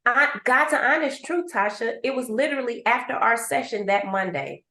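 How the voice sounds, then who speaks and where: Woman host, lively storyteller, recorded in an echoey room. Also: a little high, normal speed. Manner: animated storyteller, acts out voices in asides. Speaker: host and grief coach. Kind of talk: conversational podcast talk.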